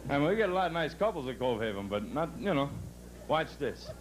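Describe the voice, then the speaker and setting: A man doing a brash, punchy stand-up comedy set at a resort club, telling jokes and bursting into loud outbursts. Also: on the high side, big pitch swings, quick pace, background noise. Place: resort club stage before a live audience.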